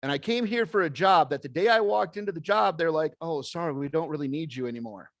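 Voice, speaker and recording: A middle-aged man speaks to an audience in a plainspoken, folksy way, acting out each bit of dialogue as he tells it. His voice sits a little high for a man. The sound is close and dry, with almost no room around it. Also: quick pace, a bit bright, dry recording. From American Midwest. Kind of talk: motivational talk to an audience.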